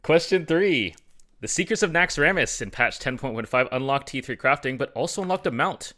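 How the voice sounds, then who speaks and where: A man's voice: medium pitch, lively intonation, fairly quick, pushed and bright. A man hosting a casual podcast trivia quiz, teasing the players. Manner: teasing, upbeat quizmaster. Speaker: quiz host.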